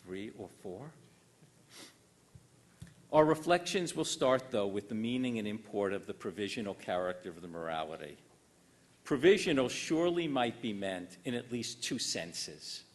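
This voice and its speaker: An older American man lectures in a lecture hall, his delivery formal and measured, with an animated pitch and a dry wit.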